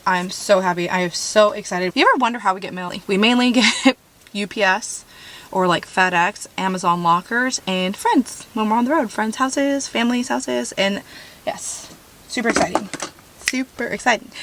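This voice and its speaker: A woman's voice: mid-range voice, a bit bright. Bubbly rambling woman vlogger. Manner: bubbly, gushing, rambling with fillers. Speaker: van life vlogger. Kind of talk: casual vlog chat. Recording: noisy handheld recording.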